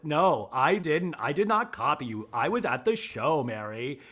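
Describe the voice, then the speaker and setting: A man's voice: on the high side, sing-song, a little slow, fairly bright tone, heavily acted. A man doing an impression of a defiant, dismissive reality-star woman, with clipped, emphatic comebacks.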